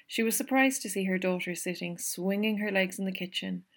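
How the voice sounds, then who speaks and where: A woman reads a novel aloud in calm, measured audiobook narration. Her voice has a gravelly fry to it, and her pitch sits in the middle range for a woman. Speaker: reader.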